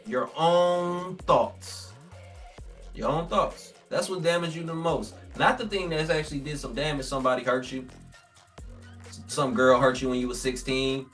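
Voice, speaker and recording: A man's voice: mid-range voice, fairly even intonation, normal speed, a bit bright, far from the mic, soft background music. A man teaching a scripture lesson. He reads the old text aloud, then explains it in casual slang and acts out the voices he quotes. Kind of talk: informal religious teaching.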